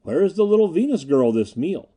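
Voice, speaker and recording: A man plays a quiet male American stage magician in his late thirties, calm and dryly amused. His voice sits higher than the narrator's, with a lively lilt. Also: brisk, slightly rough.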